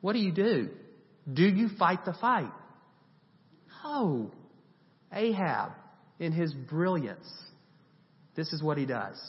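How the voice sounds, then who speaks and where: Pastor preaching, kinda high voice, acts out the bible characters, long church echo. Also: male voice, slow pace, pauses often. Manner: animated retelling with voiced quotes. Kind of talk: sermon. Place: church sanctuary. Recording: dull recording with long reverb.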